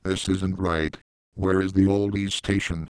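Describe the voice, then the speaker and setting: A man's voice: deep voice, flat delivery, a little slow, darkish tone, clear, resonant tone, no room sound. A man reading the lines of a puzzled, earnest young woman in a story. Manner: earnest, puzzled, plain-spoken. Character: bewildered young woman, the narrator's girlfriend.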